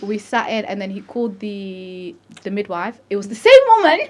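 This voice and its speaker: A woman's voice: medium pitch, normal speed. A young woman co-hosting a podcast, telling a story in a slangy, chatty way and acting out the other people's voices as she goes. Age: young adult. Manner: animated storyteller, acts out quoted voices; calls listeners babe, slangy. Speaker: podcast co-host. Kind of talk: casual storytelling chat.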